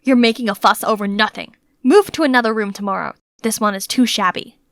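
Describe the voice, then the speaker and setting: A woman voicing a moody, fastidious young male prince in an animated story, snapping out curt commands. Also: mid-range voice, no room sound, studio quality, lightly acted.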